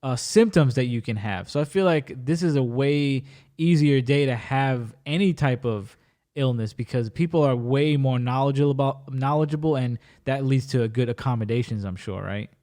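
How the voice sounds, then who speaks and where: A man's voice: medium pitch, moderate pace, warm tone. A man hosting a podcast in casual chat, joking and cutting in with questions. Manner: joking, interjecting. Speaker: podcast host.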